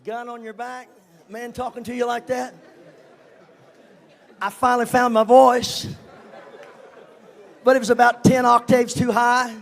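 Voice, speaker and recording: An older man telling his own story in a folksy, self-mocking way and chuckling at his younger self. His voice sits high for a man and has a gravelly, fry-edged texture. He talks at a relaxed, storytelling pace. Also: unhurried, pauses often, some chatter behind. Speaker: guest speaker. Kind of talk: personal testimony storytelling.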